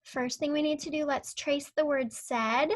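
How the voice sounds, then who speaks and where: A young woman teaching an online phonics lesson to young children, patient and clear as she sounds out words and spells letters one at a time. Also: high-pitched, steady tone, normal speed. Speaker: kindergarten teacher.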